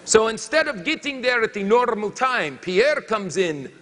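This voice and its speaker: Man doing a comic French woodcutter, high-pitched and drawn-out, thick put-on accent, long hall reverb. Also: big pitch swings, fairly bright tone, exaggerated voice. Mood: storytelling. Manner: halting, broken English, comic timing. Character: boastful French lumberjack man, comic storyteller.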